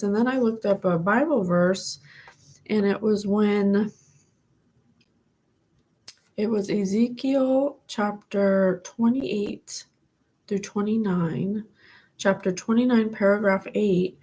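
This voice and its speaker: A woman psychic host talking casually and warmly to her followers, rambling and laughing often. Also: mid-range voice, breathy edge, low-quality recording. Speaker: psychic reader and podcast host. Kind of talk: casual spiritual talk to camera.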